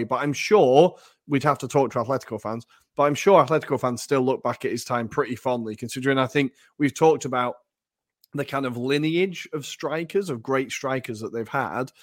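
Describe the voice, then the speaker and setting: A man's voice: mid-range voice, fairly quick, dry recording. Male podcast co-host, casual football talk, dry close sound, hedgy and chatty. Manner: chatty, hedging with fillers and frequent laughs.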